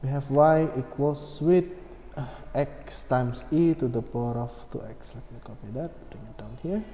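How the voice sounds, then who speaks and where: A man explaining a maths problem step by step, slow and methodical, with many fillers and self-corrections. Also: medium pitch, mellow. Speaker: maths tutor. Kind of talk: screen-recorded maths lesson. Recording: echoey room with long reverb, faint hum.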